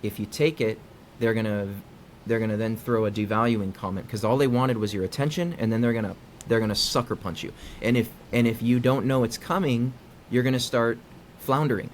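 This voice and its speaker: A man, a psychologist being interviewed, explaining in a conversational way and acting out quoted dialogue with lively inflection. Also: mid-range voice, fairly quick, hardly any pauses, slight background noise. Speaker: guest psychologist.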